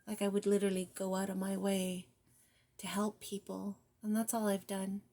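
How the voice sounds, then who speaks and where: A tarot reader gives a spiritual guidance card reading in a mellow, gravelly voice heavy with vocal fry, keeping her pitch flat and even at normal speed. She speaks softly and reflectively, often dropping almost to a whisper, and mixes casual swearing into her gentle encouragement.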